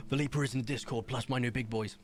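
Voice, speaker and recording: Faint music plays behind a young man from Somerset, England, who chats casually on a game livestream with a West Country accent. His mid-range voice moves at a quick pace with fairly even intonation, self-deprecating and drifting between posh and broad.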